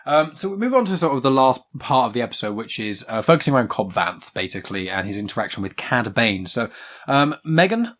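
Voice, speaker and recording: A man's voice: mid-range voice, sing-song, a little fast, a bit bright. A man hosting a casual chat, rambling and laughing often, with plenty of ums. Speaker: podcast host. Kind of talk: casual chat reviewing a show.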